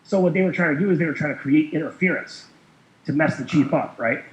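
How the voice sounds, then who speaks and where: A man's voice: on the high side, fast, slight background noise. Rambling man in a roomy lo-fi recording. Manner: rambling, many fillers, chuckles while telling. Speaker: guest. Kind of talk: casual storytelling chat. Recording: roomy, dull lo-fi sound.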